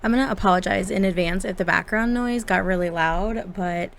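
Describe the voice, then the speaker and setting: A woman's voice: mid-range voice, a little fast, creaky, fairly bright tone, slight background noise. A woman doing casual, chatty gameplay commentary from her home office, giggling and talking to her game characters. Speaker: gaming YouTuber.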